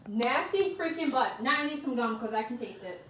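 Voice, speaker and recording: A woman's voice: a little high, animated, normal speed, fairly bright tone. A woman chatting casually in a home kitchen, teasing and blunt, laughing often. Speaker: vlogger. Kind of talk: casual chat. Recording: echoey room with noise.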